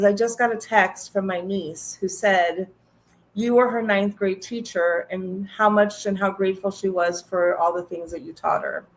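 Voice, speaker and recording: A woman guest on a panel tells a personal story in a relaxed, chatty way. She gets animated and acts out the people she quotes. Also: medium pitch. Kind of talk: storytelling in casual chat.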